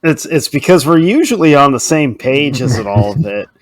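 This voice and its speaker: A man's voice: on the high side, expressive, normal speed, no echo, studio quality. A man co-hosting a podcast, laid-back and teasing, laughing often. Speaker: podcast co-host. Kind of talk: casual podcast chat.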